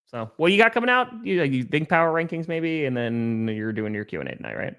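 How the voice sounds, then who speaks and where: A man's voice: a little high, big pitch swings, a little fast, a bit bright, smooth. A man hosting a casual sports podcast, upbeat, chatting with his co-host and signing off the show. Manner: upbeat, wraps up with sign-off patter.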